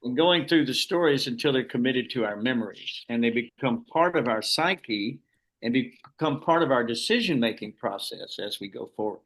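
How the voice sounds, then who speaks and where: A man's voice: mid-range voice, expressive, moderate pace, a bit bright. A man leading an informal scripture class, explaining at length with frequent restarts. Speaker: class leader.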